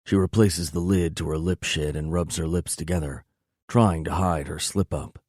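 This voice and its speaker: A man reading a first-person romance novel aloud in a low, intimate, measured delivery. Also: fairly even intonation, darkish tone, dry recording, clean studio sound. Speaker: audiobook narrator.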